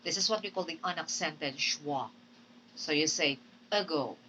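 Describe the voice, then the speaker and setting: A woman's voice: sits low, moderate pace, bright, forceful tone, far from the mic, slight background noise, poor audio. A woman with a Filipino accent, teaching English pronunciation in a patient classroom lecture, drilling words and repeating them. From Philippines.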